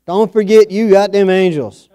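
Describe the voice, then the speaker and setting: Folksy storytelling preacher, mellow man. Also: high voice, normal speed, smooth. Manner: folksy storytelling, repeats phrases for emphasis. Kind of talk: sermon.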